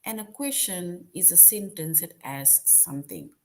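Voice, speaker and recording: A woman's voice: fairly low pitch, animated, a little slow. A woman teaching a grammar lesson to young children, patient and repetitive, often checking in with "right?". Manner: patient, repeats points, frequent "right?" checks.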